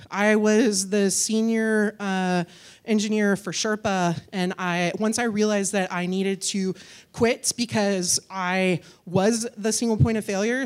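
A woman giving a conference talk and answering audience questions in a chatty, upbeat way, often using "like". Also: mid-range voice. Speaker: conference speaker.

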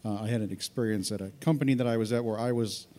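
A man's voice: fairly low pitch, quick pace, mellow. A man in the audience asking an earnest, slightly hesitant question after a talk. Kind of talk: question from the floor.

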